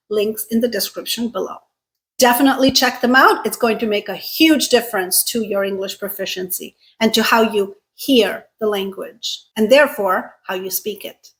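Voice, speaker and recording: Clear, emphatic woman teaching English. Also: a little high, poor audio. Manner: clear, emphatic, deliberate enunciation. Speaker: English teacher and channel host. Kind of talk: scripted video lesson.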